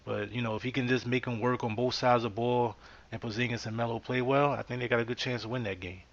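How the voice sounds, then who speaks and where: A man's voice: mid-range voice, steady tone, fast talker. A man hosting a podcast in a casual, easygoing way, with many fillers. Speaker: podcast host. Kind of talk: casual sports talk. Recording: muffled lo-fi podcast audio.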